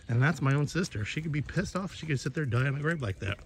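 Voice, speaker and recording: A man's voice: fairly high pitch, lively intonation, fast talker, slight background noise. Rambling, cursing man on a neighborhood walk. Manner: rambling, profane, gossipy. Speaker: vlogger. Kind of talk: casual walking chat. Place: outdoors in a neighborhood.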